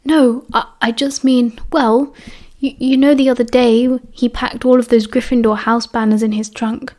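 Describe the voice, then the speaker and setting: A woman narrator puts on a timid teenage schoolboy with a British accent, fretful and whiny. His voice sits higher than the reader's own, anxious and quick to wail. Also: flat delivery, darkish tone, natural voice. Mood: nervous. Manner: wailing, anxious.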